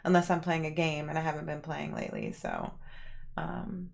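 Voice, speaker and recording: A woman hosting a livestream, casually chatting and answering viewers, rambling with lots of fillers and animated reactions. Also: deep voice, normal speed, gravelly. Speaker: livestream host.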